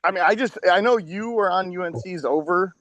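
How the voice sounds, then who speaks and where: A man hosting a sports betting podcast, quick, joking and profane. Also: sits high, lo-fi sound, over a noisy crowd. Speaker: podcast host. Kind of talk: casual sports betting chat.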